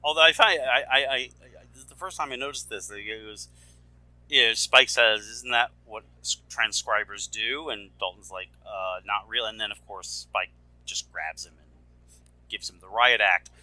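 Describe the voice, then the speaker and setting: A man co-hosting a podcast in casual chat, lively with stammering restarts. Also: medium pitch, moderate pace, dry recording, poor audio. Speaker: podcast co-host.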